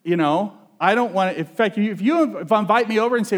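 A male pastor preaching a sermon in a relaxed, conversational and humorous way, often asking the audience questions. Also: sits high, quick pace, hardly any pauses.

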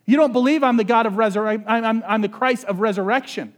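A man's voice: sits high, brisk, voice pushed up, lightly acted. A man doing an exasperated, insistent Jesus. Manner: emphatic, insistent repetition. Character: exasperated adult male Jesus, impatient.

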